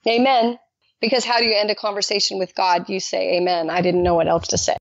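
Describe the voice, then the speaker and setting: A woman guest telling her personal faith testimony in an animated way, acting out the dialogue she quotes. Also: a little fast, gravelly, dry recording. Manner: animated, acts out quoted dialogue with jumps in pitch. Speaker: podcast guest. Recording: dull lo-fi dry recording.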